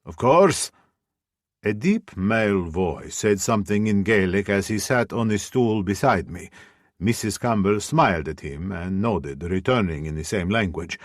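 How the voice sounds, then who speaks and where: A man reading a first-person audiobook in a measured, brooding way. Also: deep voice, no echo, clean studio sound. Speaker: audiobook narrator.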